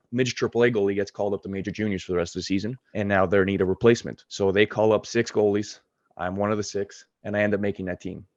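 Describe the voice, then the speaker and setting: A man in his twenties from Montreal, a college goalie telling his hockey story in a casual, animated way with quick asides and corrections. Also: fairly low pitch, dry recording, lo-fi sound. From Montreal, Quebec, Canada.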